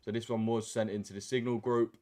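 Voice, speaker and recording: Young male streamer, lowish voice, easygoing slangy chat over trading charts, keyboard clicks behind. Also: little pitch movement, fairly quick, a little mellow. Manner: laid-back banter with slang, reading chat aloud. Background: keyboard typing and mouse clicks.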